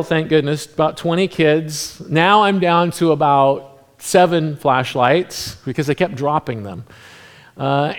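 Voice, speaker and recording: A pastor telling a long, rambling story in a sermon, acting out the voices of the people in it. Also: male voice, a little high, smooth.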